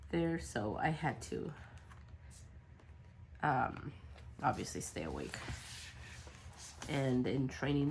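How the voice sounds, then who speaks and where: A woman's voice: rumbling low, a little hiss or hum. A woman chatting casually while crafting a journal, rambling with lots of ums, her voice worn and congested from being sick. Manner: rambling, full of ums, muttering while working.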